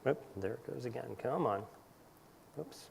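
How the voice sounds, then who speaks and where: A man's voice: mid-range voice, expressive, unhurried, gravelly, big-room sound, a little hiss or hum. A man giving a conference presentation in a casual, conversational way, tagging points with "right?". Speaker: technical presenter. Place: large conference hall.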